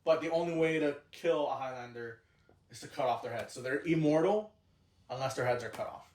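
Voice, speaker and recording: A man's voice: medium pitch, a little fast, darkish tone, far from the mic. A man co-hosting a casual podcast, telling rambling, self-deprecating stories. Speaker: podcast co-host. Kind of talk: casual chat. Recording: echoey room, off-mic.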